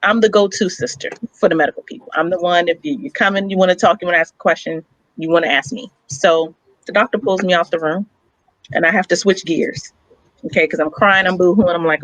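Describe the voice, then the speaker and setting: A woman's voice: fairly low pitch, fairly even intonation, brisk, a bit bright, dry recording, low-quality recording. A young woman co-hosting a talk show, telling a personal story in a blunt, heartfelt and emphatic way, with some swearing. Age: young adult. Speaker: radio show co-host.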